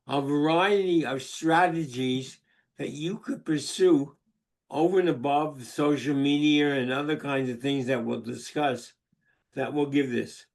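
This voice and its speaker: High-voiced older man telling wry anecdotes. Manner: wry storyteller, joking. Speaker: psychologist and book author. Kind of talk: webinar talk with anecdotes. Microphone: video call.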